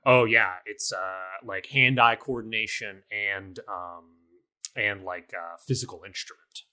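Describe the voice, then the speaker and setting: Bright-voiced man rambling through a game recap. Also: on the low side, fairly even intonation, measured pace, clean tone. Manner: rambling, filler-heavy storytelling. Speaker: podcast co-host. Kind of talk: casual chat recapping a video game.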